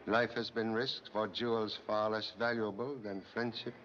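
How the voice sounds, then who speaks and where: Actor as a measured, sage old-movie detective, clipped speech, dull hissy track. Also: male voice, lowish voice, level tone, a bit bright, close to an everyday voice. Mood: calm, sage. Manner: clipped aphoristic broken English, measured. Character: calm, wise middle-aged male detective. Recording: muffled hissy old film soundtrack.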